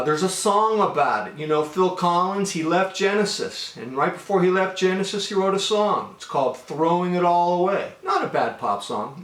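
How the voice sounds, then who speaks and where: Animated man in his fifties, roomy echo. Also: a little high. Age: 50s. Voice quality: animated storyteller, rambling asides. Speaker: watch vlogger. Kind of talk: casual monologue to camera.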